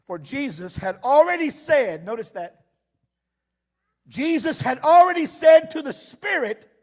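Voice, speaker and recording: A male pastor, preaching an impassioned sermon that builds to shouted crescendos. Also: very high voice, sing-song, unhurried.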